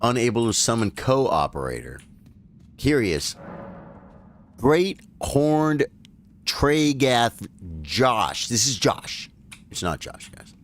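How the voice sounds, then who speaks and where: A man's voice: medium pitch, big pitch swings, slow, long pauses, slight background noise. A man giving casual live commentary as he plays a video game, talking to his viewers as bro and folks. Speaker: gaming streamer.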